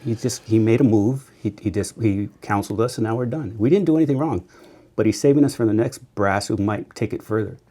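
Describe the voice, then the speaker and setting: A man hosting a casual podcast, with a very low and noticeably husky voice. He tells blunt, profane war stories and laughs easily. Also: brisk, warm tone. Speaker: podcast host.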